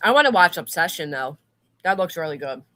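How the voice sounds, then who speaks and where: A woman's voice: lowish voice, very animated, a little fast, sharp tone, no echo. A woman hosting a livestream, chatting casually and swearing freely. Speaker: stream host. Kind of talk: casual chat.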